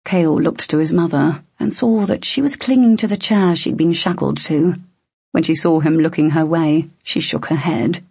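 Woman narrating a story, steady, husky, dull lo-fi dry sound. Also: deep voice, moderate pace, no echo. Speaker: audiobook narrator. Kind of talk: scripted narration. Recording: dull lo-fi audio.

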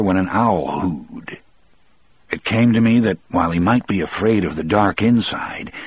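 A man reading a first-person story aloud in a measured, steady storytelling manner. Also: low-pitched, husky. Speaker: narrator.

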